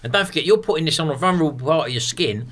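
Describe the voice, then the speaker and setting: A man's voice: a little high, lively intonation, racing, fairly bright tone, a little hiss or hum. A middle-aged British man hosting a vlog, chatting casually and rambling to his viewers, whom he calls folks. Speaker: vlog host. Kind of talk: casual chat to camera.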